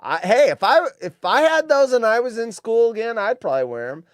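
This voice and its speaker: A man's voice: very high-pitched, big pitch swings, a little fast, smooth, dry recording, studio quality. A man hosting a live-stream show alone, reacting with sarcastic, rambling commentary and muttered asides. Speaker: show host.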